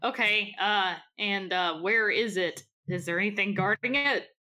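A woman's voice: medium pitch, a little slow, bright, forceful tone. A woman playing in a tabletop game who asks eager, feisty questions. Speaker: player. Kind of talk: tabletop role-play chat.

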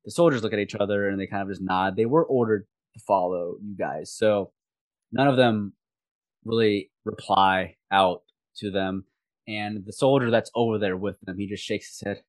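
A man's voice: fairly low pitch, moderate pace, dry recording. Guy gm narrating a tabletop game, describes stuff in detail, dry close mic. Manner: descriptive, voices the figures himself. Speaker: game master.

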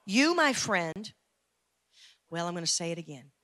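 A woman's voice: on the low side, sing-song, a little slow, fairly bright tone. A woman pastor preaching a fiery sermon, building in intensity and repeating phrases for emphasis. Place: church sanctuary.

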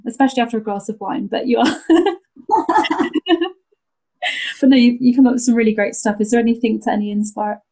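This young woman's voice sits on the high side with a warm tone, captured on a rough recording. A rally driver from North Wales co-hosting a podcast, she keeps the casual interview chatty and enthusiastic, full of fillers, restarts and frequent laughter.

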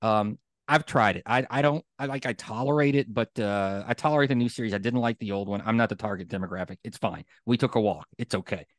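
A man's voice: fairly low pitch, quick pace, few pauses, no echo, studio quality. A man co-hosting a podcast, telling stories casually with plenty of fillers and getting fired up. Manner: chatty storyteller, many fillers, gets fired up. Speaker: podcast co-host. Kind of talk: casual chat.

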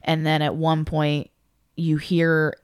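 Low-voiced woman telling a story. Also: slow, clean tone, no echo, clean studio sound. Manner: animated storyteller, acts out quotes. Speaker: podcast co-host. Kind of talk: casual chat retelling a video.

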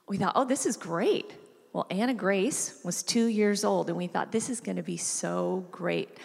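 A woman's voice: medium pitch, moderate pace, gravelly. A woman giving a sermon, telling a family story and acting out the voices in it. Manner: storytelling, acts out voices with animated shifts. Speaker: preacher. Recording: reverberant hall.

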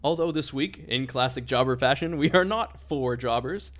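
A man's voice: medium pitch, normal speed, a bit bright. A man hosting a casual podcast chat, joking and laughing often. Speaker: podcast host.

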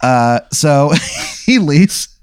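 A man's voice: a little high, expressive, very slow, smooth, no room sound, studio quality. Rambling man spinning a comic tale. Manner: rambling, full of fillers, giggling. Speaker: podcast host. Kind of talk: improvised comedic storytelling.

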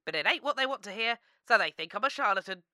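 A woman's voice: medium pitch, expressive, quick pace, bright, forceful tone, dry recording, clean studio sound. A woman playing a brutally honest fortune teller who talks matter-of-factly and then wails mock-mystic chants in a comedy radio sketch. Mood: blunt.

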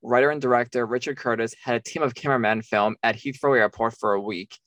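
A man's voice: medium pitch, fairly even intonation, quick pace, a bit bright, no room sound. An American man co-hosting a casual film discussion, laughing often as he reads trivia aloud. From United States. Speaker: podcast co-host.

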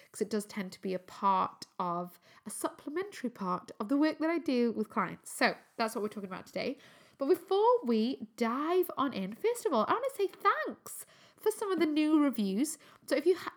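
A woman's voice: a little high, fairly bright tone. A young adult woman from England hosting her own health podcast, chatting upbeat and casual with frequent ums. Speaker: podcast host. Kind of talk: solo health podcast chat.

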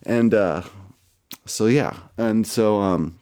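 Brief: podcast host, man, low dark voice, profane and laughing storyteller. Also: slow. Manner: profane, laughs often while telling. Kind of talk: casual storytelling.

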